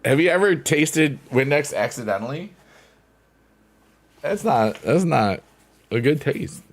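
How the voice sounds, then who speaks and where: Piano plays behind a livestream host whose mid-range voice is expressive and measured. He rambles and jokes in a casual way, reading out messages from the chat.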